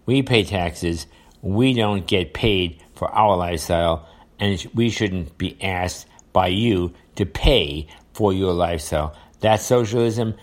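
An older man with a New York accent talks straight to his viewers in a loose, rambling monologue. His voice sits fairly low, and he circles back on his words, stacking repetitions and "uh" fillers as he goes. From United States. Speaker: vlogger. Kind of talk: casual monologue to camera.

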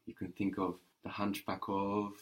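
A man's voice: lowish voice, monotone, normal speed. A man teaching a language lesson, patiently repeating and modelling words.

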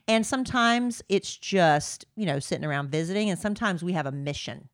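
A woman's voice: fairly low pitch, no echo, studio quality. A woman, co-hosting a podcast in casual chat, telling stories and stretching out words for emphasis. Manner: chatty, storytelling, drawn-out emphasis. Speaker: podcast co-host. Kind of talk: casual chat and host-read ad.

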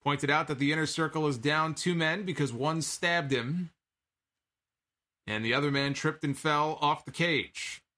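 A man's voice: a little high, unhurried, sharp tone. A man casually recapping a wrestling show, chatty and sarcastic, swearing now and then. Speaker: wrestling podcast host.

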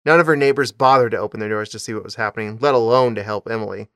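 A man's voice: lowish voice, very fast, hardly any pauses, fairly bright tone, no echo, studio quality. A man hosting a comedy podcast, reading a story with dramatic emphasis and stopping to joke.

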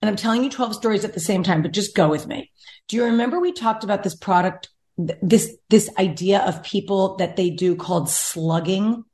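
A woman's voice: mid-range voice, fairly quick, a little mellow. A young adult woman hosting a casual chat, telling a rambling story and acting out what others said. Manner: chatty rambling storyteller, acts out quotes. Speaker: podcast host.

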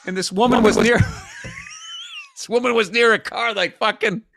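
A man's voice: high voice, a little fast, gravelly, noisy background. A man co-hosting a podcast, telling stories in casual, profane chat. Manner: animated, profane storytelling. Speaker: podcast co-host.

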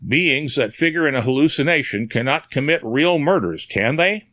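A man voicing a calm, certain newspaper reporter who speaks in a dry, quietly insistent way. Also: medium pitch, normal speed, dry recording, voice pushed up.

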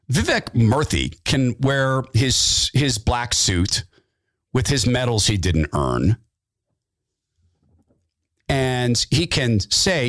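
A middle-aged man hosting an opinionated political talk monologue, sarcastic and animated, with asides and mock voices. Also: mid-range voice, measured pace. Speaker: political commentary host.

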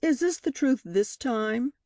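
A woman reading the part of a sharp, relentless male courtroom lawyer, with a pointed, cross-examining delivery. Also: medium pitch, lively intonation, moderate pace, dry recording, clean studio sound, natural voice. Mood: sharp, pressing. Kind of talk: audiobook character reading.

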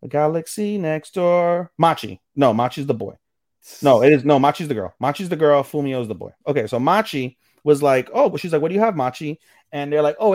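A man's voice: medium pitch, a little mellow, no echo. Brief: male podcast co-host, loose profane recap style, mid-range voice, close dry mic. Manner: loose and profane, acts out characters' lines in quick voices. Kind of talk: casual anime recap chat.

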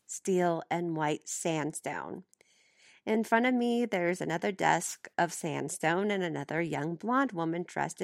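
A woman's voice: on the low side, gravelly, dry recording, studio quality. A woman reading a first-person novel aloud as an audiobook, giving the dialogue light voicing. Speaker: audiobook reader.

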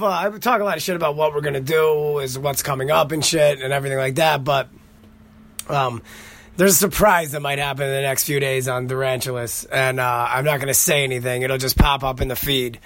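A man's voice: mid-range voice, fairly quick. A man hosting a podcast, talking casually and profanely, getting heated as he tells a story. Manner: profane, animated storytelling, heated when retelling. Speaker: podcast host. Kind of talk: casual solo podcast rant.

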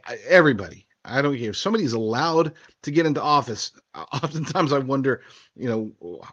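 A man's voice: medium pitch, no room sound, dull audio. A man hosting a political talk show, reading news stories and adding rambling, sarcastic asides with short chuckles. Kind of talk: casual political commentary.

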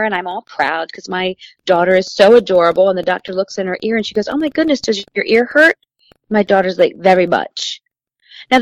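A woman in her thirties, a comedian guest, telling lively anecdotes about her toddler and acting out the child's lines. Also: mid-range voice, dry recording, poor audio. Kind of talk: storytelling chat.

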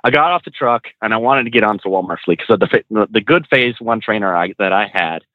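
A man who trains truck drivers, a podcast guest telling animated road stories with frequent laughs and restarts. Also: on the low side, fast talker, no room sound, narrow, tinny audio. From California. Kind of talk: casual storytelling.

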